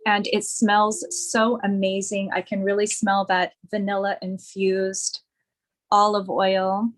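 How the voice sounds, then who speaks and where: A woman esthetician leads a skincare demonstration, gushing with enthusiasm over each product. She speaks very slowly at an ordinary pitch. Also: level tone, rough recording.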